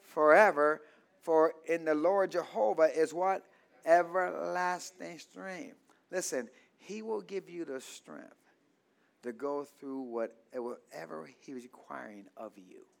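A high-voiced man preaches a call-and-response sermon to his church. He stops mid-line for the congregation to fill in the word, then repeats key phrases. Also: slow, creaky. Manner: asks the congregation to fill in words, repeats lines. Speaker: pastor.

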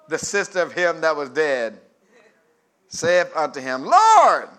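A man preaching a sermon, reading scripture and breaking into loud call-and-response asides. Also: on the high side, takes it slowly, clean tone.

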